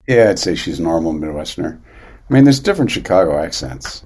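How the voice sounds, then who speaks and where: A man in his fifties, a singer-songwriter guest, talking in a relaxed, quick way in an interview. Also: low-pitched, creaky, slightly rough. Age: 50s. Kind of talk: casual interview.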